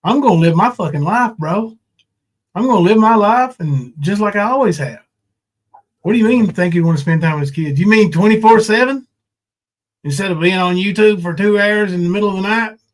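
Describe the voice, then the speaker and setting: Male livestream host, higher-pitched, crude and mocking, casual chat. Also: brisk. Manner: mocking, profane, taunting.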